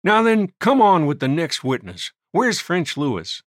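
A man voicing a gruff, domineering frontier miner acting as judge, speaking bossily. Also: on the high side, huge pitch swings, a little slow, dry recording, studio quality, voice pushed up. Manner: gruff, bossy.

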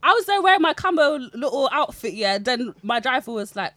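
A woman's voice: sits high, sing-song, a little fast, a bit bright, dry recording. A young woman, telling a story animatedly and laughing as she chats. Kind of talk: casual chat, storytelling.

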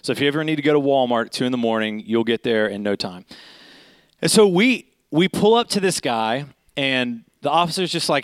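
A man in his thirties preaching in a casual, animated storytelling way, often checking in with "okay?". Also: medium pitch, moderate pace, no room sound. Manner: animated, conversational, keeps asking "okay?". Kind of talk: storytelling sermon.

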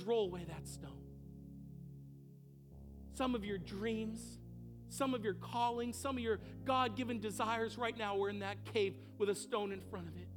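A man preaching a sermon as pastor, acting out the people in the story and building to impassioned peaks. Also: very high-pitched. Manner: acts out quoted voices in dialogue.

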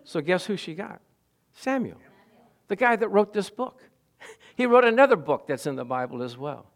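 Animated man preaching a sermon. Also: high voice, normal speed. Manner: animated preaching, swinging from quiet to loud, asks the congregation questions. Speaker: pastor.

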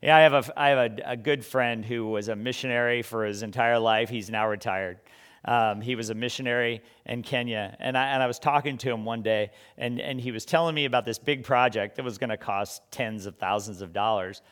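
A man's voice: mid-range voice, steady tone, a little fast, a bit bright. A man preaching a sermon in a conversational way, full of rhetorical questions and stumbling restarts.

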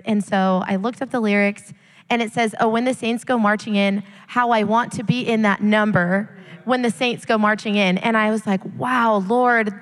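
A woman's voice: medium pitch, a bit bright, clear, resonant tone. A woman youth leader sharing passionately and emphatically on a live church panel. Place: church sanctuary, live service. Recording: long church hall reverb.

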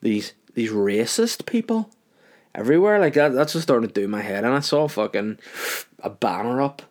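A man's voice: medium pitch, animated, moderate pace, darkish tone. A man in his thirties with a Northern Irish accent, ranting casually on his solo podcast, profane and rambling. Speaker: podcast host.

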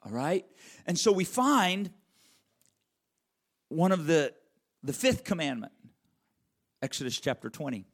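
Pastor, man, slightly high-pitched, emphatic preacher who repeats his points and calls on the congregation by name. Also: big pitch swings, a little slow, long pauses, a bit bright. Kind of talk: sermon.

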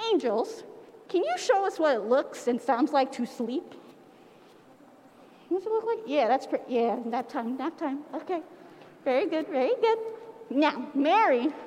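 A woman with a high, bright-sounding voice leads a playful Christmas pageant, coaxing everyone to act along. Her voice rings with the long reverb of a church sanctuary. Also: slight background noise. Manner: animated, playful, coaxing the audience to join in. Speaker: children's pageant leader at church. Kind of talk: interactive storytelling for children.

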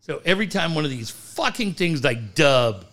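Man, podcast co-host, high voice, lively swings, profane banter. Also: normal speed. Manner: profane, animated, laughing easily. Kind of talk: casual comedic banter.

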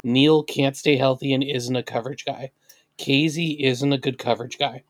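A man of middling pitch co-hosts a sports podcast, laying out blunt, analytical predictions. His delivery is confident and casual. He is recorded close and dry. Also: fairly even intonation, normal speed, no room sound. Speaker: podcast co-host.

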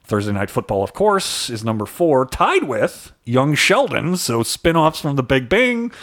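A man's voice: mid-range voice, sing-song, measured pace, fairly bright tone. A man from the Chicago suburbs with a slight South Side Chicago accent, co-hosting a podcast in rambling casual chat, often correcting himself mid-sentence. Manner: rambling, self-correcting, lists facts. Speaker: podcast co-host.

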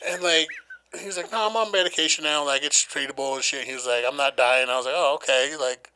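A man's voice: a little high, quick pace, slight background noise. A young man co-hosting a podcast, telling a story casually with lots of swearing and acted-out quotes. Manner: profane, animated storytelling, acting out quotes. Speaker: podcast co-host.

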